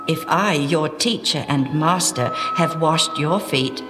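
A woman voicing a calm, gentle grown male teacher in a storybook reading, speaking in a measured way. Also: fairly low pitch, in a large hall. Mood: teaching.

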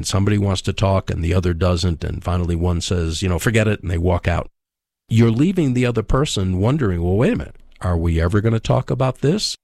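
A man's voice: low-pitched, gravelly, darkish tone, no echo, clean studio sound. A man teaching on a radio program, speaking in an emphatic, conversational way and repeating his key points. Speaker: radio Bible teacher on relationships.

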